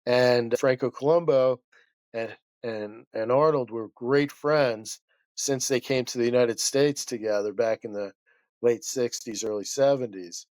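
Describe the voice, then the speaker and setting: Chiropractor guy rambling passionately thru a story, restarts a lot, mid pitch, dry close sound. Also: unhurried, darkish tone, no room sound. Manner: rambling, passionate, self-interrupting. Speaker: guest chiropractor. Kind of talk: casual storytelling interview.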